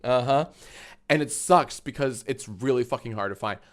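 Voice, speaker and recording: A man's voice: mid-range voice, moderate pace. Rambling, profane male streamer. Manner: rambling and profane, reads chat aloud. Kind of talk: casual live-stream chat.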